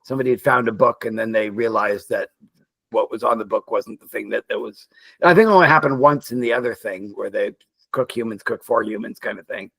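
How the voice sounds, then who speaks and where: A man co-hosting a casual movie chat, retelling a story with lively acted-out quotes. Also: fairly low pitch, brisk, vocal fry, no room sound. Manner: animated storyteller, acts out characters in quotes. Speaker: podcast co-host.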